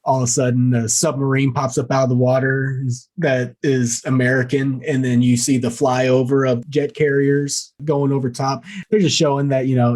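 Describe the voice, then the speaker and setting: A man's voice: mid-range voice, level tone, moderate pace, few pauses, darkish tone. Laid-back man riffing on a bad movie. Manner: laughing, mocking, profane asides. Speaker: podcast co-host. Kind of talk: casual movie-review chat.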